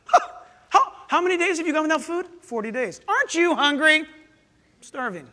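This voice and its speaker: A preacher voicing a sly male Satan who tempts in a low, coaxing murmur, in a reverberant hall. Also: very animated, moderate pace, sharp tone, full character voice. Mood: mocking. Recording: long church hall reverb.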